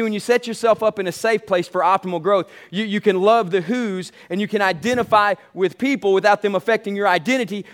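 A man's voice: high-pitched, a bit bright. A man preaching a sermon as pastor, emphatic and repetitive, calling out to his congregation.

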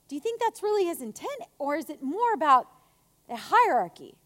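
A woman giving a chatty, animated faith talk to a women's gathering, telling stories with acted asides. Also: very high-pitched, a little fast. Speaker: speaker at a women's church gathering. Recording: long hall reverb.

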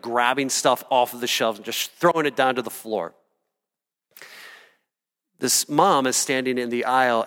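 A man preaching a sermon in an earnest, animated way, spinning stories and tossing asides to the congregation. His voice sits at an ordinary middle pitch. It rings with the long reverb of a large hall. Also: clean tone. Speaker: pastor.

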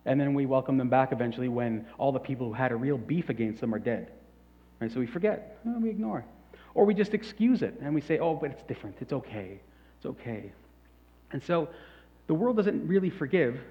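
A male pastor preaching a sermon in a conversational way, full of rhetorical questions and wry asides, recorded in a church. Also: a little high. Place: church sanctuary. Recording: muffled audio with long hall reverb.

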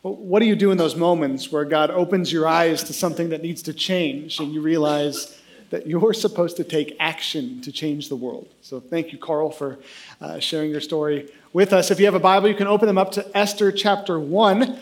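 A man in his thirties preaching a sermon, telling a self-deprecating funny story in an animated way. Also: on the high side, moderate pace. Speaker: pastor.

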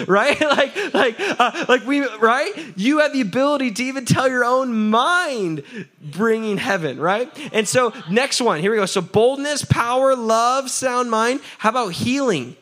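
A man preaching a sermon as pastor, energetic and chatty, asking the crowd for answers and often adding "right?". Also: very high voice, unhurried. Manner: laughs often, repeats "right?".

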